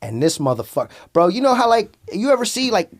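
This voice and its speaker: Animated, cursing male storyteller. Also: high voice, quick pace. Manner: animated, profane, slangy. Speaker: guest. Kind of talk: casual storytelling.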